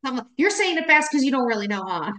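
A woman from Wisconsin co-hosting a podcast, chatting in a loose, rambling way and laughing often. Her voice sits a little high. The room around her sounds echoey. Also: big pitch swings, fast, pushed and bright. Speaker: podcast co-host. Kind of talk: casual podcast chat.

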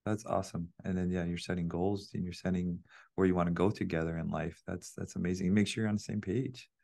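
A man's voice: low-pitched, fairly even intonation, fast talker, gravelly, darkish tone. A man hosting a podcast, affirming and encouraging his guest in casual chat. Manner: encouraging, affirming with frequent yeahs. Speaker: podcast host.

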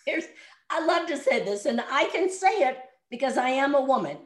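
Middle-aged woman, sales coach, blunt and emphatic, fairly high voice, echoey room sound. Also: expressive, moderate pace. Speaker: sales and speaking coach, podcast guest. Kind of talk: podcast interview talk. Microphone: remote audio call.

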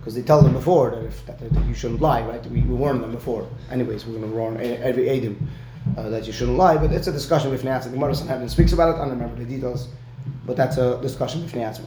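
A man's voice: mid-range voice, quick pace, a crowd in the background. Man teaching Talmud in an echoey room. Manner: explains step by step, checks in with "right?". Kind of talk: one-on-one Talmud lesson.

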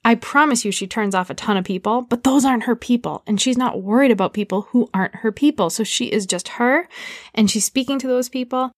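A woman's voice: a little high, no echo. A woman talks straight into the mic as the host of her own podcast, coaching listeners in an easy, chatty way. She leans on "like" and keeps the tone light and upbeat. The sound is dry and close, with no room around her. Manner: conversational, frequent "like", upbeat coaching tone. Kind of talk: casual solo podcast advice.

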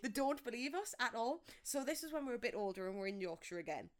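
Geordie woman, young adult, podcast co-host, casual chat, animated storytelling, fairly high voice. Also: fast. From northeast England. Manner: animated storyteller, acts out voices, laughs often.

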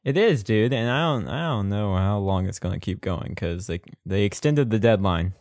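A man's voice: on the low side, moderate pace, a little mellow, no room sound, studio quality. A young man co-hosting a casual podcast chat, laid-back and rambling. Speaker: podcast co-host.

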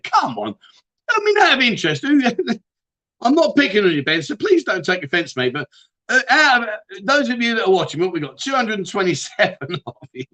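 A man's voice: sits high, pushed and bright. A man hosting a casual livestream, reading out viewer comments and teasing them with banter. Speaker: livestream host.

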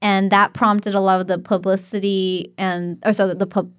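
A woman's voice: mid-range voice, little pitch movement, moderate pace, smooth, no echo, studio quality. A young woman telling a personal story in casual chat, talking chattily with lots of fillers.

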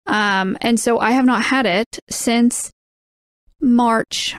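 A woman's voice: fairly high pitch, slow pace, dry recording. A woman co-hosting a casual chat podcast, talking in an easygoing way. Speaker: podcast co-host.

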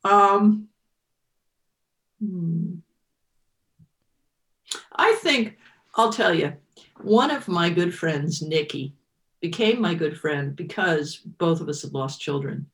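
A woman's voice: on the low side, a little slow, pauses often. A woman in her fifties telling a personal story as an interview guest, reflective and emotional, with many restarts.

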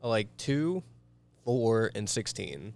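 A man co-hosting a casual podcast chat, explaining things in a relaxed way with fillers. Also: on the low side, takes it slowly, creaky. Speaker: podcast co-host.

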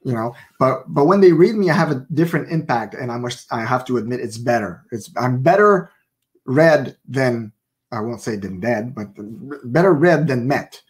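Husky-voiced man, playful podcast host. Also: mid-range voice, normal speed. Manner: playful, fond of wordplay, animated storytelling. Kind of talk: casual faith podcast chat.

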